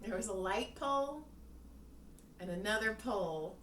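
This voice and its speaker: Recorded on a distant mic in an echoey room with faint background noise, this woman co-hosts a podcast and swaps everyday stories in relaxed conversation. Her medium-pitched voice is a bit bright, with lively intonation and a moderate pace, and she giggles and laughs frequently.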